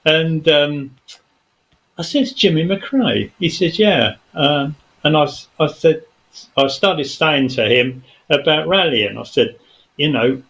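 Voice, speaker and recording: A man's voice: fairly high pitch, expressive, slow pace, gravelly, a bit bright, low-quality recording. A man, a studio guest telling a long story in casual chat, rambling with many fillers and restarts.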